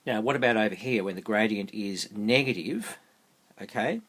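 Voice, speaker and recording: A man's voice: lowish voice, normal speed, fairly bright tone. A man teaching maths in a screencast lesson, chatty and repetitive, often checking that students follow. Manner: chatty, repeats himself, asks students questions. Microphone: close mic over a tablet screencast.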